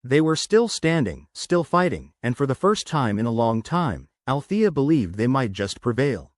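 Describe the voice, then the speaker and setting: A man narrating a sci-fi short story from a script in an expressive storytelling manner. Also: medium pitch, moderate pace, dry recording, clean studio sound.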